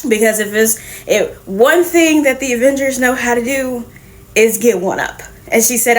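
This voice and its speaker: A woman hosting a casual comic book review, retelling the story in a lively, profane way with quick laughs. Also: on the high side. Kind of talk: casual recap and reaction.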